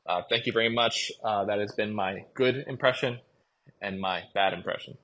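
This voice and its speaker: A man's voice: on the low side, moderate pace, fairly bright tone. A man from Hawaii leaving a casual, enthusiastic voice message through an earbud mic, laughing and rambling. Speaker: listener sending a voice message.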